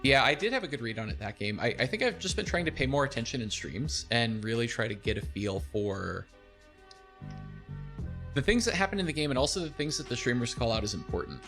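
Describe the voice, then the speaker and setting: Here a young man talks casually on stream about his own game replay, lively and self-deprecating, frequently laughing. The pitch is medium, the pace fairly quick, and soft music runs underneath.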